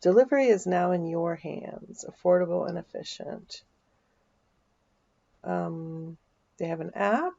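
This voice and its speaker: A woman's voice: on the low side, measured pace, gravelly, pauses often, a little mellow, highs cut off. A woman vlogger, chatting casually as she walks through a search on her screen, thinking aloud with dry asides. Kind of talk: casual screen-share walkthrough.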